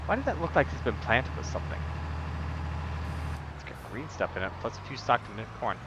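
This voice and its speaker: A man's voice: medium pitch, wildly swooping pitch, brisk, background noise. A man streaming a farming game, chatting casually in a rambling, jokey way with lots of fillers. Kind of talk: casual gameplay chat.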